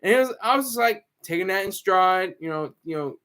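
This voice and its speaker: A man with a notably high-pitched voice chats loosely and at length. He rambles, stops and starts, and breaks into laughter often, like a regular on a casual talk show. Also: lively intonation, normal speed, pushed and bright. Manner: rambling, frequent restarts and laughs.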